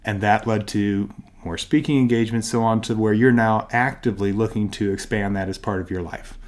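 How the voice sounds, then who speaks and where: A man's voice: on the low side, steady tone, a little fast. A man hosting an interview, affirming his guest and setting up questions with encouragement. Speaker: host.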